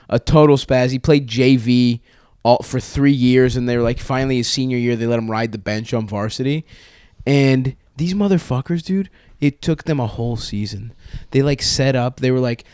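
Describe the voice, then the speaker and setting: A man's voice: mid-range voice, normal speed, hardly any pauses, a little mellow, clear, resonant tone, dry recording, studio quality. A man co-hosting a podcast, telling a crude story in a rambling way, with restarts and laughs. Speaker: podcast co-host. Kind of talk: casual storytelling chat.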